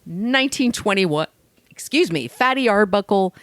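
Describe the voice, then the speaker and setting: A woman co-hosting a podcast, telling a true-crime story in casual, animated chat and swearing now and then. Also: medium pitch, normal speed, no room sound. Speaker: podcast co-host.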